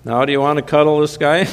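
A man's voice: a little high, clear, resonant tone, in a large hall. A man preaching a conversational sermon, with mildly sardonic asides. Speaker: pastor.

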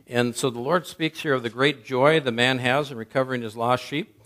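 Male pastor, sermon delivery, emphatic with rhetorical questions and shifts from loud to soft. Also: medium pitch, fairly even intonation, normal speed.

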